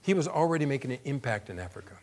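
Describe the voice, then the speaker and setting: A man's voice: mid-range voice, big pitch swings, very fast, darkish tone. A man preaching a sermon in a conversational way, asking the audience questions and rising to emphasis when he reads scripture.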